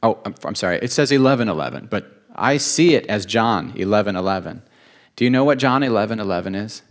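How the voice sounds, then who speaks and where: A male preacher with a fairly low voice delivers a sermon. He speaks earnestly and with feeling, often repeating key phrases for emphasis. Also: expressive, fast talker.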